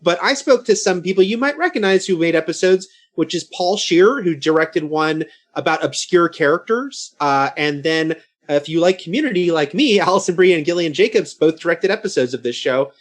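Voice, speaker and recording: High-voiced chatty male panelist. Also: lively intonation, moderate pace. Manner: loose, filler-heavy, chatty. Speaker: entertainment panelist and interviewer. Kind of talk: casual chat.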